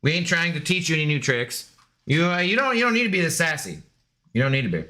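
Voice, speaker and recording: Bright-voiced man chatting on a stream. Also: fairly high pitch, very animated, quick pace, a little hiss or hum. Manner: rambling, joking, chats to his dog and to viewers. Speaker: game streamer. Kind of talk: casual livestream chat.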